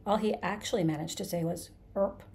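A woman narrating a comic science fiction novel in a measured, dry storytelling delivery. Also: lowish voice, mellow, a little hiss or hum. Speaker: narrator, podcast host. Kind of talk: scripted audiobook narration.

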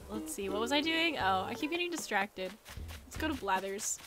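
A woman's voice: medium pitch, expressive, moderate pace. A young woman chatting casually on a livestream while she plays a game, rambling and giggling as she teases herself. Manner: giggly, rambling, self-teasing. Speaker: streamer. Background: game music.

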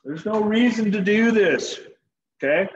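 A man's voice: sits high, expressive, a little slow, reverberant, muffled recording, slight background noise. A man teaching a shop class in a folksy, joking way while demonstrating tools. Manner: folksy, joking, talks to students directly. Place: school workshop.

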